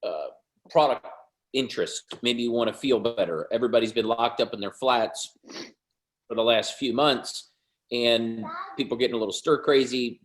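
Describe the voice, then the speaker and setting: A man in his thirties hosting a video call, giving an upbeat, joking sales pitch. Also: normal speed, roomy sound.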